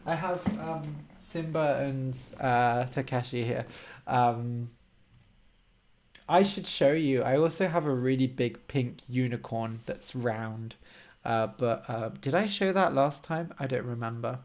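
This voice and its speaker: Medium in pitch and darkish in tone, this man's voice guides an English lesson live-streamed from a home room. He explains vocabulary patiently, slowly and simply, offering encouragement and frequently checking in with "okay?"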